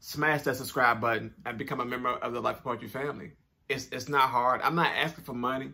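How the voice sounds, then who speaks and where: Young male vlogger, gravelly and bright, casual chatty delivery to camera. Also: mid-range voice, fairly even intonation, fast talker. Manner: chatty, upbeat, repeats phrases, informal slang. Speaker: YouTube channel host. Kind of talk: casual direct-to-camera vlog talk.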